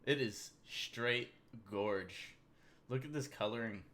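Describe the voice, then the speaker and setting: A man hosting a loose, rambling livestream, cracking jokes as he goes through memes with a beer in hand. His voice is bright and sharp, with a chatty and offhand delivery. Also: medium pitch, slow pace. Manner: rambling, joking, drinking beer. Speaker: livestream host. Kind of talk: casual livestream meme commentary.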